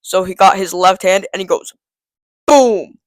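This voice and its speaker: A man's voice: sits high, a little slow, dry recording. A teenage boy casually telling a story to the camera, rambling with lots of "um" and "like" and laughing at himself. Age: teens.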